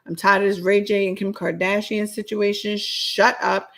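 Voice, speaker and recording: Blunt ranting woman, gravelly voice. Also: medium pitch, normal speed, a bit bright. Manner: blunt, sassy, repetitive ranting. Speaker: podcast host. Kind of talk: solo rant answering live chat.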